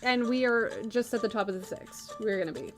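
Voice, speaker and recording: A woman's voice: a little high, steady tone, fairly quick, faint music behind. Chatty woman streamer talking to chat. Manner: chatty, talks to chat viewers. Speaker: livestream host. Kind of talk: casual live-stream chat.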